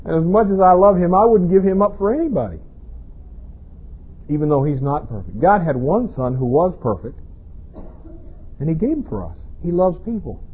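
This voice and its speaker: A man's voice: on the high side, sing-song, normal speed, long pauses, slightly rough. A pastor preaching a sermon in a conversational way, often asking his congregation rhetorical questions. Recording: tinny, phone-like band-limited sound.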